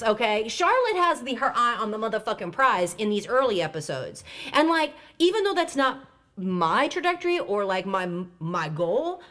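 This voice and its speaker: Animated, high-voiced woman co-host. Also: moderate pace. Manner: animated, profane, playful impressions. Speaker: podcast co-host. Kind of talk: casual recap chat.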